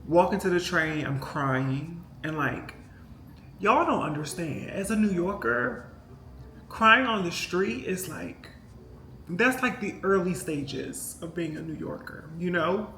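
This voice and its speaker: A woman's voice: lowish voice, takes it slowly, fairly bright tone, a little hiss or hum. A woman vlogger telling a story in a casual, rambling and emotional way, with many fillers and asides to her viewers. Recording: echoey room with faint music behind.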